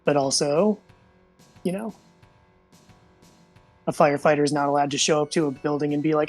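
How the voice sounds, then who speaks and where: Player, man, husky voice, slightly high, easygoing and joking. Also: brisk, pauses often, faint music behind. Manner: relaxed and joking, with frequent "like"s. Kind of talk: casual tabletop play, narrating his character.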